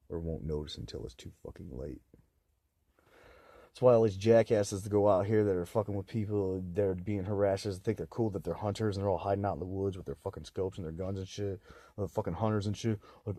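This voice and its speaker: A man's voice: on the low side, brisk, mellow, no room sound. A young man in a rambling, agitated, profane monologue to camera, swearing constantly. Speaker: vlogger.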